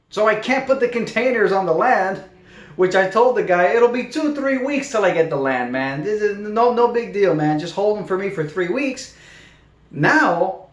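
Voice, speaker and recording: A man vlogging about his building project in a casual, exasperated way, laughing in disbelief as he talks. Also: fairly high pitch. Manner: exasperated, incredulous, laughs often. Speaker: vlogger building a container home. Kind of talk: casual video diary. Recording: echoey room with faint music.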